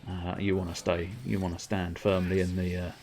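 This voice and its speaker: A man doing a gruff border guard. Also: deep voice, completely flat delivery, a little fast, a little mellow, voice pushed down, natural voice. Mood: stern warning. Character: gruff male border guard warning someone off.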